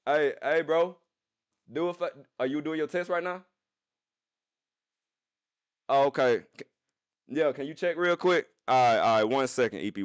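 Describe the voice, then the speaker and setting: A young man streaming from his phone, telling a profane story to his chat in an animated way, with sudden jumps into high voices. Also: smooth, no room sound.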